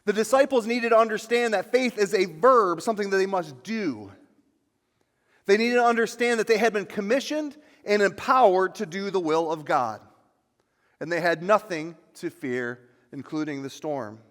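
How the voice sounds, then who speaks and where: A man preaches a sermon in a church, his somewhat high voice carrying a long reverb through the sanctuary. He presses hard on key lines, climbing louder and higher at his peaks. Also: moderate pace. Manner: rises to loud, high emphatic preaching on dramatic lines. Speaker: pastor.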